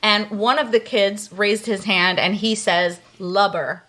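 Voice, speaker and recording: Woman co-host with a bright, sharp voice, teasing, chatty, says um a lot. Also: mid-range voice, fairly even intonation, unhurried. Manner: teasing, lots of ums, laughs while telling. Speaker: podcast co-host, teacher. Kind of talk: casual storytelling.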